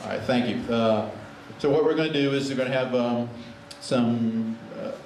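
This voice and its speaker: A man's voice: medium pitch, fairly even intonation, normal speed. A man hosting a memorial gathering, leading an informal prayer and introducing speakers, with many fillers and restarts. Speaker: memorial service emcee. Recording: echoey room with faint noise.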